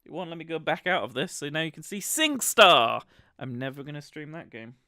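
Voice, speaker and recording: A man's voice: fairly high pitch, expressive, brisk, bright, forceful tone, dry recording, clean studio sound. A man with a British accent giving rambling, casual commentary while livestreaming a game. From Britain. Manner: chatty, rambling, with many fillers. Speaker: livestream gamer.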